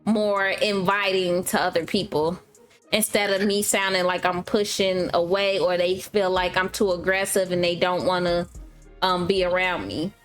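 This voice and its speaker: A woman co-hosting a podcast in casual chat, thoughtful and unhurried, often trailing off with fillers. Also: lowish voice, fairly even intonation, faint music behind. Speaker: podcast co-host.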